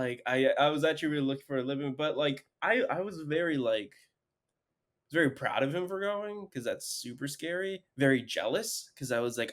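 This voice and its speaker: A man's voice: a little high, lively intonation, a little fast. Rambling young man telling stories. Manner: rambling, filler-heavy storytelling. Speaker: podcast co-host. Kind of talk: casual chat. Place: home, remote recording.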